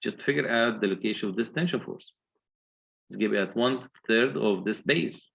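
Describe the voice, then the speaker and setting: Gravelly-voiced lecturer walking through calculations. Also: male voice, lowish voice, normal speed, fairly bright tone, dull audio. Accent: Egyptian. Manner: explains step by step, asks checking questions. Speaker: engineering lecturer. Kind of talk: university lecture.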